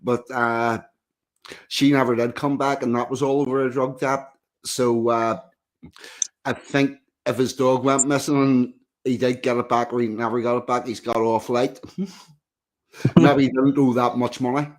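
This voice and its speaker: A man's voice: mid-range voice, flat delivery, unhurried. Man asking probing questions in a chat. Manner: asks probing questions, sums up. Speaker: host. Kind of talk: casual conversation.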